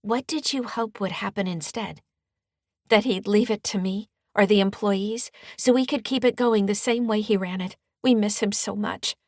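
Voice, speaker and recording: A woman's voice: mid-range voice, normal speed, darkish tone, no room sound, studio quality, pitched above the performer's own voice, close to an everyday voice. A woman voicing a grieving female bookstore manager who asks wounded, reproachful questions. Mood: hurt.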